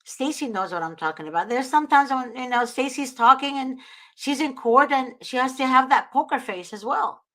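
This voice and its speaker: A woman's voice: high-pitched, expressive, moderate pace, pushed and bright. A woman hosting a talk show, giving earnest, preachy advice and repeating her points. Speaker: host.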